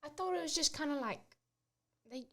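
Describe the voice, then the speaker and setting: A woman's voice: high voice, normal speed, sharp tone. A woman playing a prim, mock-indignant British woman with a put-on British English accent in a comedy sketch.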